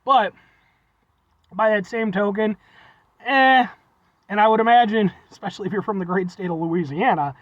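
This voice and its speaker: A young man with a high-pitched voice talks at normal speed with long pauses, reviewing food in a rambling, folksy vlog. He keeps calling viewers "folks," exaggerating playfully and poking fun at himself. The audio is dull, lo-fi and dry.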